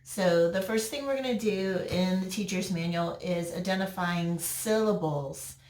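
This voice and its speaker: Slow, patient woman teaching phonics. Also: medium pitch. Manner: slow, patient, stretches out words for young learners. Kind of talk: recorded phonics lesson for children. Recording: roomy echo, mic at a distance.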